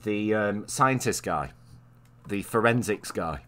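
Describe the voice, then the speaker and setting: Male stream host from Manchester, lowish and very animated, rambling chat. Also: slow, a little hiss or hum. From Manchester, England. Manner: rambling, self-correcting storyteller. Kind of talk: casual chat.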